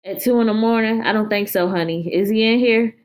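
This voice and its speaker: Crude, leering male thug voiced by a woman, higher and louder, coarse and bullying. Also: brisk, lightly acted. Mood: menacing. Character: crude threatening male intruder, vulgar and leering.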